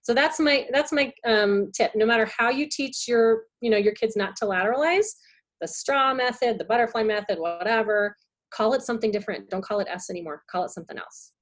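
A woman's voice: on the high side, a little fast. A woman speech therapist in casual podcast chat, explaining with enthusiasm and plenty of fillers and restarts.

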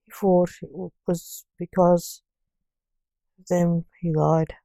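A woman reading a story aloud with halting phrasing. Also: on the low side, little pitch movement, creaky, warm tone, dry recording, poor audio.

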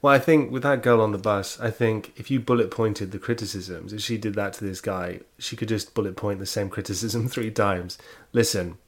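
A man's voice: on the low side, moderate pace, few pauses. A man co-hosting a comedy podcast, chatting casually and tossing in dry wisecracks. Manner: dry wisecracks, laughs easily. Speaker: podcast co-host.

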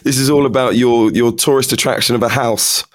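A man presenting a football podcast in an easy, joking way. His voice is a touch hoarse, as if worn down from shouting, and he sits at a middle pitch. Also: fairly even intonation, brisk. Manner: chatty, jokey, self-mocking. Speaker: podcast host. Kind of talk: casual sports podcast chat.

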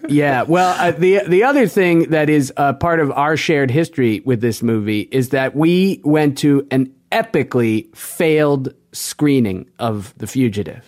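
A man's voice: mid-range voice, unhurried, hardly any pauses, darkish tone. A man co-hosting a podcast, chiming in on a shared story in casual chat. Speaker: podcast co-host.

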